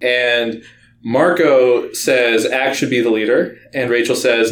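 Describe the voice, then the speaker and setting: A man's voice: mid-range voice, measured pace, reverberant. A man co-hosting a podcast, giving a chatty, sarcastic recap of a book's plot and laughing as he goes. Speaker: podcast co-host.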